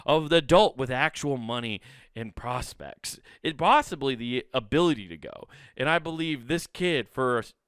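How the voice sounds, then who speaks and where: Hosting a podcast, a thirtysomething man from Sioux City in the US Midwest tells a funny, self-deprecating story full of swearing. His voice runs on the high side, a bit bright and clean, recorded dry at studio quality.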